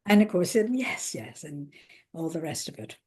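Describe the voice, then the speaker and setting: A woman therapist recounting a client's story in a relaxed conversational way, acting out the quoted voices with lively emphasis. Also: low voice, normal speed, breathy edge.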